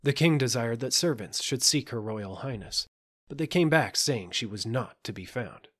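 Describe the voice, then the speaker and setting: Husky guy reading a fairy tale out loud, calm and even, mid pitch. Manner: measured, gentle storytelling. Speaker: audiobook reader.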